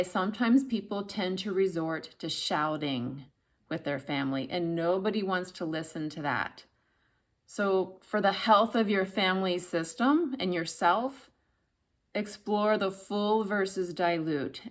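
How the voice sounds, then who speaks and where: Woman voice coach, hums and says the practice line between tips. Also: fairly low pitch. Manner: demonstrates hums and phrases between explanations. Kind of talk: instructional talk with vocal demonstrations.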